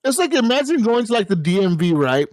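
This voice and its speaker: Male gaming podcast co-host, higher-pitched, swears a lot, animated ranting, dry sound. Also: fast talker, dry recording. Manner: animated, profane ranting storyteller. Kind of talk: casual chat.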